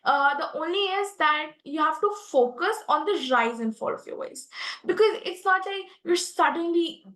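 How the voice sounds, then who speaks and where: A young woman with an Indian English accent gives a lesson on public speaking. Her voice sits high, and she talks earnestly, stumbling through fillers and restarts. The room around her sounds echoey. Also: moderate pace, sharp tone. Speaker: guest expert speaker.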